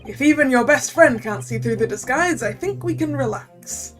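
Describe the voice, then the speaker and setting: Woman reading an assured older professor who talks in a measured, reassuring way. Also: high-pitched, animated, soft background music. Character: assured older male professor, protective father.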